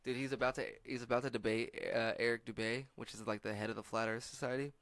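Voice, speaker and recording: A man's voice: mid-range voice, steady tone, fast, fairly bright tone, no echo. A man with a Texan accent co-hosting a podcast in casual, laughing chat, swearing freely. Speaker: podcast co-host.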